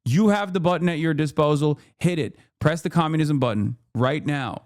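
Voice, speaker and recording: A man's voice: on the high side, normal speed, darkish tone. A man hosting a live stream, ranting about politics with heavy profanity and exasperated sarcasm. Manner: sarcastic mock voices. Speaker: streamer host.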